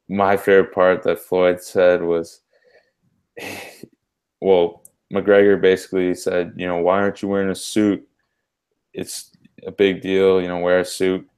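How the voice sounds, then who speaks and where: A man's voice: deep voice, darkish tone, clear, resonant tone. A man from the US Midwest co-hosting a casual sports talk show, enthusiastic and chuckling as his sentences trail off. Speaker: co-host.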